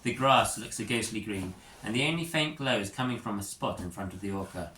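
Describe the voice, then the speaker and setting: A man reading an interactive story aloud, expressive and doing character voices. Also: lowish voice, fairly quick. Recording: echoey room with faint noise.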